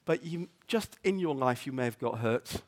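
A man's voice: mid-range voice, animated, moderate pace. Earnest male pastor preaching. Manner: earnest, stumbles and repeats words, drops to near-whisper on quotes. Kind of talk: sermon.

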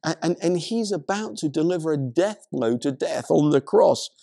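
A male pastor preaching a sermon, retelling a story in an animated way, with many stammered restarts. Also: on the high side, moderate pace, creaky, dry recording, studio quality.

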